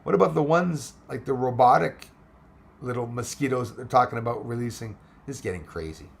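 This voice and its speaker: Gravelly man chatting on a livestream. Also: mid-range voice, a little fast, slight background noise. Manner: rambling, reads viewer comments aloud and thanks them. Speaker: livestream host reading chat. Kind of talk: casual live chat.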